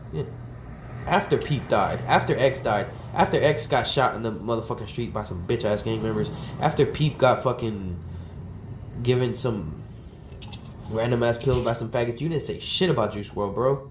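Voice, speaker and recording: A man's voice: mid-range voice, lively intonation, normal speed, a little hiss or hum. A man livestreaming outdoors, ranting in a rambling, agitated and profane way. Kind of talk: ranting IRL stream talk. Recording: roomy, from the mic, faint ambience.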